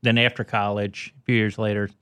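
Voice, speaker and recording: A middle-aged comedian from the United States, chatting as a podcast guest and explaining things in quick restarts. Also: male voice, lowish voice, level tone, a bit bright, dry recording, studio quality. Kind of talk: casual podcast chat.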